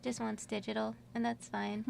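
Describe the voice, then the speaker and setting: A woman's voice: fairly high pitch, level tone, normal speed, gravelly, darkish tone, a little hiss or hum. A woman guest in a college radio studio, chatting casually in a rambling way and laughing often. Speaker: musician guest. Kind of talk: casual radio interview chat.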